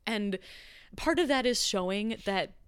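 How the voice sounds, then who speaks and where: An eager, chatty woman speaking as a podcast guest about her arts work. Her voice is smooth and clean, recorded close and dry, and she talks with plenty of fillers and quick bursts of excitement. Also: medium pitch, dry recording. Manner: enthusiastic, chatty, many fillers. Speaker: guest, arts organization leader. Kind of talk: casual podcast conversation. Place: Chicago.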